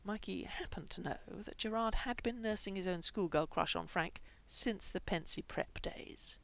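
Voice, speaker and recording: A woman reading fan fiction aloud with expressive, animated narration. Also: mid-range voice, normal speed, vocal fry, no room sound. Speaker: reader.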